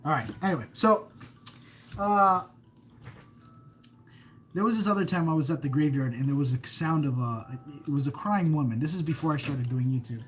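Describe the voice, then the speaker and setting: A man's voice: a little high, moderate pace, long pauses. A man hosting a casual live stream of creepy stories, rambling, breaking off mid-sentence and reading viewer comments aloud. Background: faint background music.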